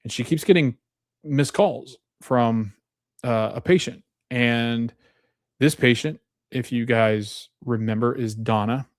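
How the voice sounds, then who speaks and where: A man's voice: medium pitch, slow pace, no echo, studio quality. Chatty man recapping a TV episode. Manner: chatty, animated retelling with frequent restarts. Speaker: podcast host.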